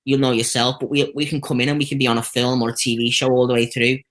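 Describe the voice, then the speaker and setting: This stuntman speaks with a Liverpool accent in a mid-range voice at a quick clip. As a guest in a relaxed interview, he tells lively, chatty stories full of quoted voices.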